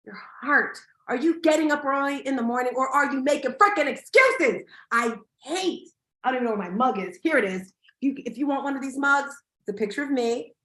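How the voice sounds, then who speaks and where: A woman giving a live motivational talk to an audience at an event, energetic and emphatic, with loud bursts of excitement. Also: high-pitched, a little fast. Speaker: motivational speaker. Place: event hall. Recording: echoey hall.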